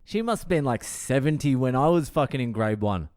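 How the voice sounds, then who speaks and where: A man's voice: medium pitch, brisk, no room sound, studio quality. Wry, foul-mouthed man spinning a comic story. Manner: profane, wry and deadpan, with lots of swearing. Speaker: comedian podcast host.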